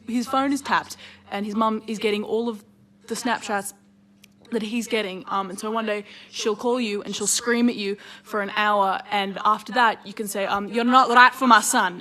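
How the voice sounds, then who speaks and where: A young woman telling a deadpan story to camera in a short social video, with many fillers. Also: medium pitch, normal speed.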